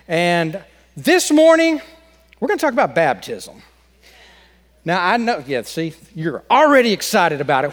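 A man's voice: high voice, very animated, unhurried, long pauses, fairly bright tone, big-room sound. A man preaching a sermon as pastor, folksy and joking with the congregation. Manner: folksy joke-telling.

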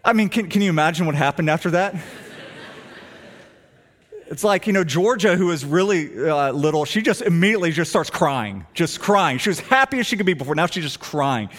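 A middle-aged man, preaching a sermon and telling stories, swinging between hushed and emphatic delivery. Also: fairly high pitch, brisk. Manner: animated storytelling, shifts between hushed and emphatic. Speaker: pastor.

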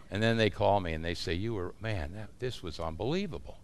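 A man's voice: lowish voice, brisk. A man teaching other pastors in an informal, folksy way, often chuckling as he talks.

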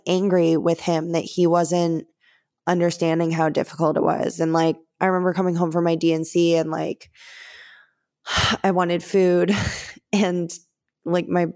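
Woman podcast co-host, somewhat low-pitched, open personal storyteller. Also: gravelly, a little mellow. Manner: open storytelling, with many fillers. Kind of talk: casual chat.

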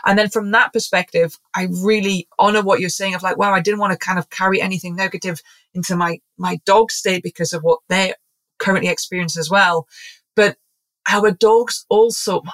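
A woman speaking as a podcast guest, a zoologist and shamanic practitioner, talking in an earnest, rambling way with many restarts. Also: medium pitch. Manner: acts out quoted voices. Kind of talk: casual podcast conversation.

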